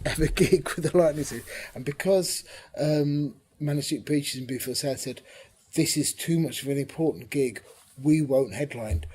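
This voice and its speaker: A man being interviewed about his band, telling stories in a chatty, lively way, sometimes dropping to a whisper for emphasis. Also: medium pitch, breathy edge. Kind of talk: casual anecdotal interview.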